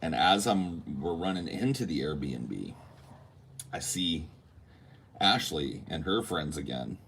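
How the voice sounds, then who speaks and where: Deep-voiced man telling a story casually. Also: slow pace, creaky, a little hiss or hum. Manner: animated, acts out quotes, swears freely. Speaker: podcast host.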